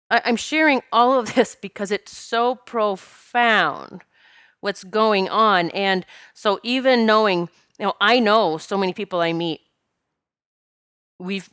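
A woman's voice: medium pitch, a bit bright, smooth, no room sound, studio quality. A woman, a spiritual teacher and medium, telling a personal story earnestly and emotionally, often stopping and restarting her sentences.

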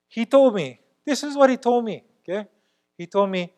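A middle-aged man preaches a sermon as a church elder. His voice sits high for a man, and he delivers emphatic, exclamation-filled lines that drop suddenly into quiet asides. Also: normal speed. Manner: lively, emphatic, swings between loud exclamations and quiet asides.

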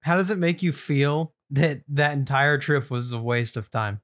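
A young man co-hosting a podcast, laughing a lot and throwing in quick teasing comebacks. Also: mid-range voice, fairly even intonation, fairly bright tone, dry recording, studio quality. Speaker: podcast co-host. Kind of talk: casual comedic banter.

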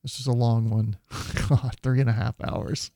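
Gravelly guy hosting a live stream, dry close mic, swears a lot, laid back. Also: mid-range voice, little pitch movement, unhurried, dark tone, no echo. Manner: profane, laughing, offhand. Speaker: host. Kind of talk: casual live-stream chat.

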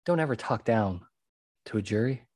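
A man's voice: lowish voice, animated, moderate pace, a little mellow, dry recording, clean studio sound. A man hosting a podcast, talking emphatically and repeating his key points as he gives advice. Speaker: podcast host and jury consultant. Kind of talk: conversational monologue giving advice.

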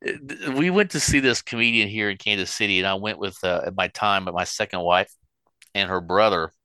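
A middle-aged man with a low, bright, forceful voice rambles through stories in a casual chat, full of restarts. The sound is close and dry. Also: brisk, clean tone, no echo. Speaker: podcast co-host.

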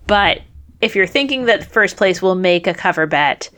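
A woman's voice: medium pitch, lively intonation, moderate pace, a bit bright. A woman co-hosting a casual podcast, analytical, explaining trivia and wagering strategy. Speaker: podcast co-host. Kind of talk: casual game-show recap chat.

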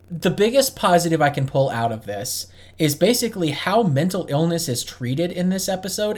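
A man co-hosting a casual chat podcast, speaking candidly and working out his thoughts as he goes. He restarts phrases often and keeps the tone loose and conversational. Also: fairly high pitch. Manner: candid, thinks aloud with restarts. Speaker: podcast co-host.

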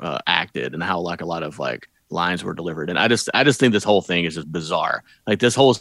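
A man's voice: sits low, fast talker, gravelly, a bit bright, no room sound. A man in casual conversation, thinking aloud about a movie in a hesitant, thoughtful way. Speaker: podcast co-host.

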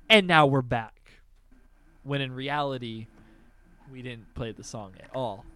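A young adult man hosting a casual podcast chat, telling animated stories and swearing freely. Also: medium pitch, a little slow, pauses often, clean tone. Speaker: podcast host.

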